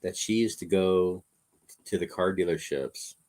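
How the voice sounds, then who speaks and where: A man's voice: sits low, measured pace, darkish tone, a little hiss or hum. A man co-hosting a home livestream with his wife, chatting casually and easygoing. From Arkansas. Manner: easygoing, short interjections. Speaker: co-host, the host's husband. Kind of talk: casual chat.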